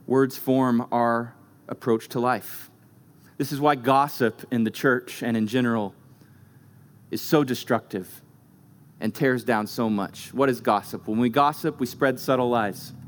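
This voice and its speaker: A man's voice: medium pitch, fairly even intonation, a little slow. A man preaching a sermon as pastor, emphatic, driving points home with short repeated phrases.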